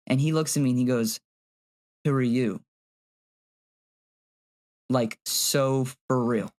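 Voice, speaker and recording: Young guy cohosting a pod, rambling stories, swears a lot, mid pitch. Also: slow pace. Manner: animated storytelling, heavy "like" and swearing. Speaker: podcast co-host. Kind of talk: casual chat.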